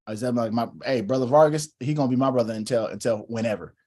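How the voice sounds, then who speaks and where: A man's voice: mid-range voice, fast talker. A man in his thirties telling stories in a casual religious discussion, acting out quotes as he goes. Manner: animated storyteller, acts out quotes. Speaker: co-host.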